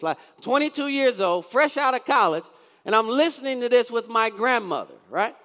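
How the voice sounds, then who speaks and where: Pastor, man, 50s, high and lively delivery, quizzes the congregation, church reverb. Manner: keeps asking the congregation questions. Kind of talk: sermon. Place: church sanctuary.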